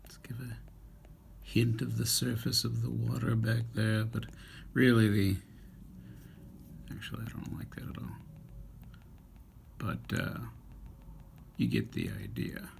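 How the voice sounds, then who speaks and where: Gravelly man muttering while drawing. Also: mid-range voice, measured pace, pauses often, a little hiss or hum. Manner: mumbled, half-whispered asides to himself. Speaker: artist drawing on camera. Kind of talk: casual drawing commentary.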